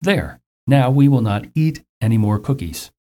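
A man's voice: medium pitch, animated, normal speed, dark tone, natural voice. A man reading aloud and voicing Frog, a friendly, sensible male frog in a storybook, who explains things earnestly and patiently.

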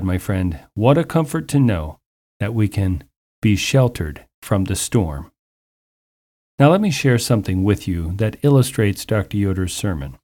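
A man hosting a radio ministry program, telling a story and giving announcements in an earnest, measured way. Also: lowish voice, dark tone. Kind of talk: scripted radio ministry narration.

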